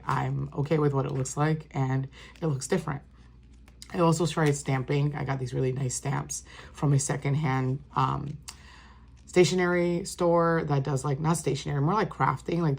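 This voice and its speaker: Woman, very low voice, flat delivery, casual vlog chat, rambling with fillers. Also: moderate pace, creaky. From New York State. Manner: rambling, soft-spoken, with many fillers and restarts. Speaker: vlogger showing her journal. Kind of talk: casual walk-through chat.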